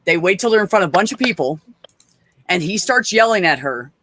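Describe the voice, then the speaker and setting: A man's voice: high voice, very animated, fairly quick, a bit bright, slight background noise. A man in casual chat, telling stories bluntly with plenty of swearing. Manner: blunt, profane storyteller.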